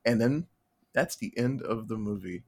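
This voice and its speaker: A man's voice: on the low side, moderate pace. A young man hosting a podcast, casually retelling a film's plot in a laid-back, swearing manner, often acting out the characters' lines. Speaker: podcast host.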